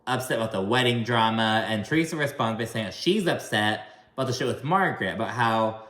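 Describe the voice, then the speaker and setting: A man's voice: fairly low pitch, expressive, a little fast, fairly bright tone, roomy sound. A man giving a casual, chatty video recap of a reality show, gossipy and full of swearing.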